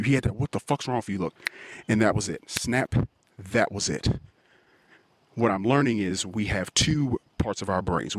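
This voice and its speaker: A man's voice: on the low side, noisy background. Profane, candid male podcast monologue. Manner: candid, profane, rambling storytelling. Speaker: podcast host. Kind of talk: confessional monologue.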